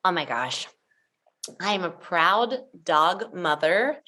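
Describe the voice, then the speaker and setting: A woman's voice: fairly low pitch, slow. Woman guest, thirties, from Tennessee; effusive, chatty storyteller. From Tennessee, USA. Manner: gushing, animated storyteller with many "like" fillers. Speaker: guest, show emcee. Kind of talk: casual interview chat.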